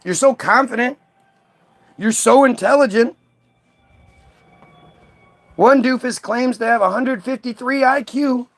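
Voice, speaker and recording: High-voiced man ranting at commenters. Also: a little slow, gravelly, long pauses. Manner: mocking, confrontational, profane. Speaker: livestream host.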